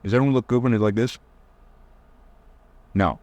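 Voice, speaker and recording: A man's voice: medium pitch, moderate pace, a little mellow, no echo. A young man giving a casual, blunt dating-advice lecture, teasing his listeners and mocking them in whiny put-on voices.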